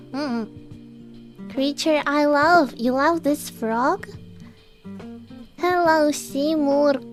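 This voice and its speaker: A woman with a high, light voice chats casually with her stream, laughing easily and greeting viewers one at a time. She speaks very slowly, drawing out her words, while quiet music plays underneath. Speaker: VTuber streamer. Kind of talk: casual livestream chat.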